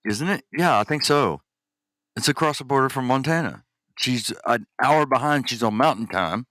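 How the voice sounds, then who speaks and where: A man's voice: mid-range voice, lively intonation, normal speed, bright, forceful tone, no echo, clean studio sound. A Texan man hosting a podcast, chatting casually and crudely, reading listeners' messages aloud. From Texas. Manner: crude, rambling, reads chat aloud. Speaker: podcast host. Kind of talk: casual live-stream chat.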